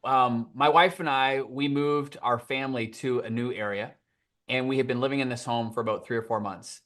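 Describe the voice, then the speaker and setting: This is a man guesting on a podcast, an animated storyteller. His voice sits in an ordinary middle range. He slips into quick acted-out dialogue while he explains his points. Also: medium pitch. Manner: animated, acts out quoted dialogue. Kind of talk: storytelling interview answer.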